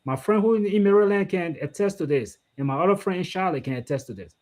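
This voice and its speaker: A guest with a notably high voice for a man. He talks in anecdotes and restates his phrases as he goes. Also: lively intonation, quick pace, a little mellow. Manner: storytelling, repeats phrases. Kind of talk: casual discussion.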